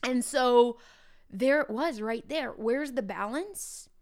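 A woman's voice: fairly high pitch, takes it slowly, darkish tone. A woman hosting a podcast for teachers, talking casually and speaking straight to her listeners. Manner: chatty, conversational, speaks directly to listeners. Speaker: podcast host.

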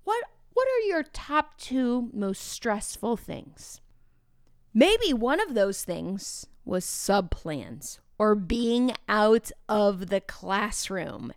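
A woman with a Midwestern American accent hosting a podcast, talking in an energetic, chatty way with playful asides to her listeners. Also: mid-range voice, drawn-out words, no echo, studio quality. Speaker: podcast host. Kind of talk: upbeat podcast monologue.

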